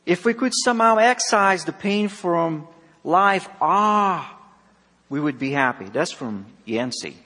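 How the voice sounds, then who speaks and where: A man preaching a sermon, emphatic, swinging between loud and soft, acting out dialogue with a slightly husky voice. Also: high-pitched, animated, slow. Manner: emphatic, rising and falling sharply, acts out dialogue. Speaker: pastor. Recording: long hall reverb.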